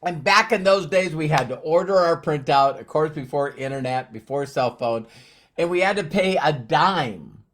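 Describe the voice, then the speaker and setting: Cheerful fifties male host, somewhat high voice, meandering delivery with lots of fillers. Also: animated, normal speed, a bit bright. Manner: upbeat, rambling, with many fillers and restarts. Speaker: network marketing presenter. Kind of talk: live-streamed motivational talk.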